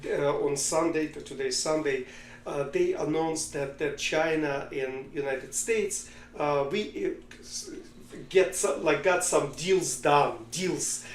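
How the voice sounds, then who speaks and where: A man co-hosting a podcast, talking politics casually in a halting way and telling jokes. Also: on the high side, echoey room, slight background noise. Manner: halting, with many fillers and restarts, telling jokes. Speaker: podcast co-host.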